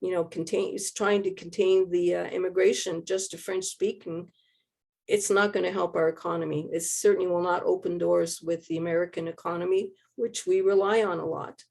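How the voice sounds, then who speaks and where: An older woman from Quebec, slightly hoarse and losing her voice, answering interview questions on a video call in a thoughtful, rambling way with restarts. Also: on the low side, fairly even intonation, normal speed, darkish tone. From Quebec, Canada.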